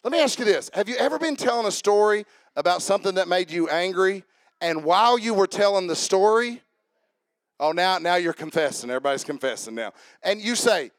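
A man preaching a sermon as pastor, lively and interactive, calling on his congregation to answer and come up front. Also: high voice, brisk, no room sound, clean studio sound. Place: church.

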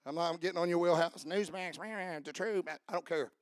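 A man preaching a sermon, swinging from shouted fiery passages to quiet asides. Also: high voice, brisk, dry recording. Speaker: pastor.

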